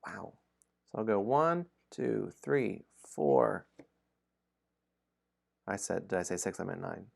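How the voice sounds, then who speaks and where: A man's voice: fairly low pitch, slow, creaky, pauses often. A man streaming a dice game, chatting casually with viewers, reading out story passages and chuckling often. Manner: relaxed, chuckles often between lines.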